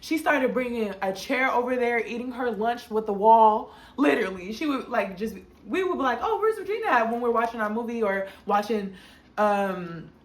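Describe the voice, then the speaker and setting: Animated woman telling a story, echoey room. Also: moderate pace. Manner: animated, slangy, acts out quotes in a high voice. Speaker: storytime vlogger. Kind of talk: casual storytime narration.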